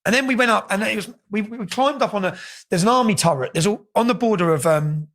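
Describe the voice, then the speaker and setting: A middle-aged English man telling stories casually as an interview guest, animated and swearing freely. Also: high-pitched, fast. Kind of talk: casual storytelling.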